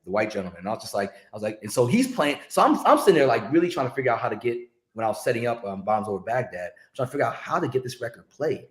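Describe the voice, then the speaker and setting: A man, a longtime record promotion rep, telling stories in a casual interview in an animated, slangy way. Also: mid-range voice, rapid-fire, hardly any pauses, echoey room. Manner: animated, slangy, restarts when excited.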